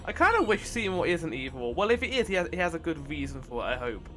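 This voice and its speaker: A chatty man with a bright, forward voice talks his way through a game, reacting and musing aloud. He sits a little higher than most men in pitch, with soft game music behind him. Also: quick pace. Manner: chatty, excitable, thinks aloud. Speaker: let's play host. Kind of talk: casual gameplay commentary.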